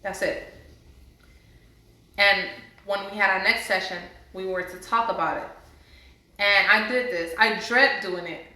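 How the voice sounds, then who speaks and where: A woman speaks straight to the camera, earnestly sharing her healing story. Her voice is bright and clear. The room rings with heavy echo. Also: mid-range voice, measured pace, pauses often. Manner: earnest, heartfelt, faith-based encouragement. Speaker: vlogger sharing a personal story. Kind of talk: casual testimony to camera. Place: indoors, sitting before a camera. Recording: very echoey room.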